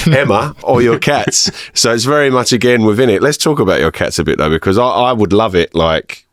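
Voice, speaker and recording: A man with a somewhat low voice hosting a podcast. He asks loose, friendly questions and laughs easily. The recording is dry and close. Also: expressive, fairly quick, no room sound. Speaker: podcast host. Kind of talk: casual interview chat.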